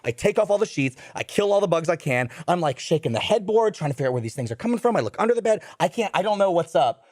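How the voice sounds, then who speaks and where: A man in his thirties spins a story for his podcast co-hosts, his voice sitting a little high. He is animated and profane, and slips into other people's voices as he tells it. The sound is dry and close. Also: fast, dry recording. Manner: animated, profane, acts out quoted lines. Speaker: podcast regular telling a story. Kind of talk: casual storytelling among friends.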